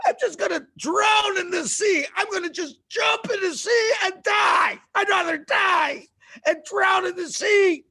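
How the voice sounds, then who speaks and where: A terrified tribesman sobs and shrieks in a strained, high, bright voice, played by a man. He cries out in panic with a rough, gravelly edge. It is a storybook scene for children. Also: measured pace, full character voice. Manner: crying, panicked shouting.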